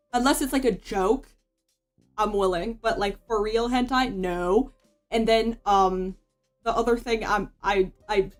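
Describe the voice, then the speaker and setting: Vtuber girl yapping while drawing, slangy and sweary, says bro a lot, faint music in the back. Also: medium pitch. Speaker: VTuber streamer. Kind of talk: casual commentary while drawing.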